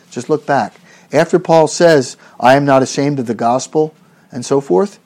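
A man's voice: a little high, darkish tone. A man preaching an expository sermon in an earnest, emphatic way, rising on rhetorical questions and often restarting his phrases.

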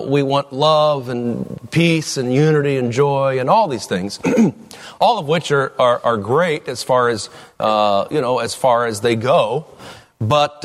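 Man, pastor, conversational sermon, asks the congregation questions, slow scripture reading, long reverb of a large church room. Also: mid-range voice. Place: church sanctuary.

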